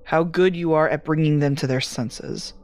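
A woman voicing a cold, calm female nurse who speaks in a flat, almost robotic monotone, in a horror story. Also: low voice, moderate pace. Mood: serene.

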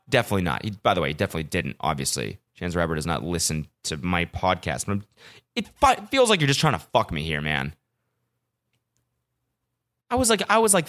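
Animated, low-voiced podcast host. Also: male voice, fairly quick. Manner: profane, self-mocking, animated storytelling. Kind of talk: casual solo podcast rant.

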